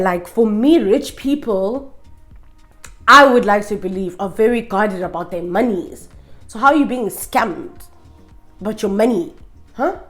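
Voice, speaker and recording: A woman talking straight to camera in a casual, opinionated review. She is sassy and emphatic and keeps firing rhetorical questions. Faint music plays underneath. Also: mid-range voice. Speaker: vlogger reviewing documentaries.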